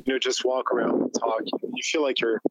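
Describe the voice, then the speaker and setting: A man's voice: mid-range voice, flat delivery, brisk, low-quality recording. A man from Lebanon with a Lebanese accent, a guest chatting casually on a walk outdoors, rambling, laughing and fumbling over his words. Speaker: guest musician. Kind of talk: casual conversation. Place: outdoors, walking in the countryside.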